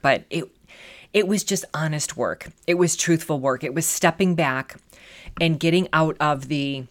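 Middle-aged woman, low voice, motivational storytelling; earnest, reflective, chatty with fillers. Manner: earnest and reflective, many "you know" fillers. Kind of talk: personal storytelling talk.

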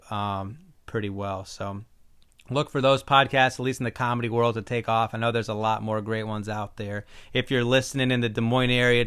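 A man's voice: lowish voice, fairly bright tone, smooth. A man hosting his own podcast in a casual, opinionated solo talk, rambling with frequent ums. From Iowa. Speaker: podcast host.

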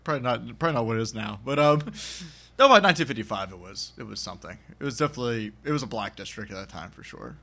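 A podcast co-host retells a film in a loose, rambling chat, voicing the characters' lines and bursting into laughter. His mid-range voice is animated, pushed, and bright with vocal fry, and he races along.

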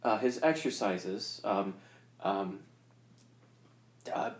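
A man's voice: fairly low pitch, animated, reverberant. Hesitant male tabletop player. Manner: halting, hesitant, full of ums. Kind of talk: tabletop role-play.

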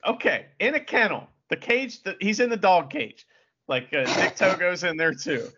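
A man's voice: high-pitched, sing-song, moderate pace, sharp tone, husky, highs cut off. A man co-hosting a casual podcast chat, rambling and playful, often stopping to ask questions. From United States. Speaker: podcast co-host.

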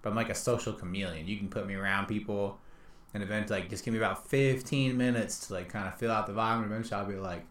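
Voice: fast, fairly bright tone. A young adult talking casually with their mother, laughing often and swearing freely. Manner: laughs often, loose and swearing, sometimes drops to a low muttered tone. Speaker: eldest child of the other speaker. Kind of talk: casual chat.

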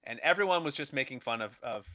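Man, thirties, podcast co-host, bright clear voice, dry close sound, rambling. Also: medium pitch, animated, quick pace, no echo. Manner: rambling, restarts, playful impressions. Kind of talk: casual movie chat.

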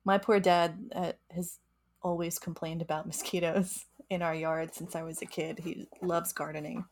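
A woman's voice: lowish voice, level tone, normal speed. Laughing woman explaining insects casually. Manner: laughs often, explains with restarts. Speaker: mosquito researcher and co-host. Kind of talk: casual podcast chat.

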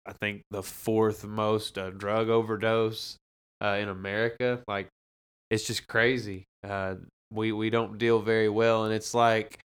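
A man with a low, smooth and resonant voice talks in a casual conversation. He speaks earnestly, working his thoughts out aloud and often restarting his sentences. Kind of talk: casual podcast chat.

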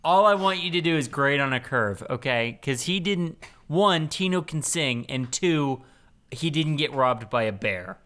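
A man co-hosting a comedy podcast, laid-back and hesitant with plenty of fillers. His voice is smooth and clear. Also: fairly high pitch, lively intonation, unhurried, a bit bright. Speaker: co-host. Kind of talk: casual comedy podcast banter.

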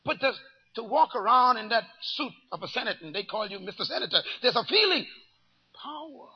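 A man preaching a sermon with dramatic swings from shouts to near-whispers and many rhetorical questions. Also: high-pitched, sing-song, quick pace, husky. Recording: dull lo-fi recording.

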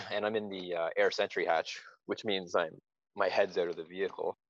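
A man's voice: deep voice, fairly even intonation, moderate pace, a bit bright, dry recording. A man telling a war story in casual podcast chat, blunt and plain-spoken. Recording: dry, slightly dull lo-fi audio.

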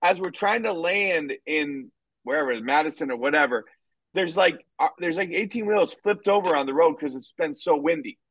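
Fairly high-voiced man telling stories. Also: normal speed, no room sound, low-quality recording. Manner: rambling, animated storytelling with many fillers. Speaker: soccer coach and podcast co-host. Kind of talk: casual chat and storytelling.

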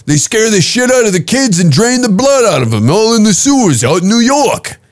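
A man's voice: sits high, very animated, normal speed, pitched above the performer's own voice. A man in his fifties mimicking a conspiracy believer in a condescending, mocking tone.

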